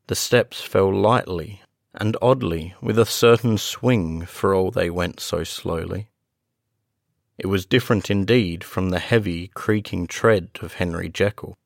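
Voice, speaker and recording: A man reading a classic gothic story aloud as a narrator, in a slow, measured storytelling manner. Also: sits low, gravelly, dry recording, studio quality. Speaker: audiobook narrator. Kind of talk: scripted narration.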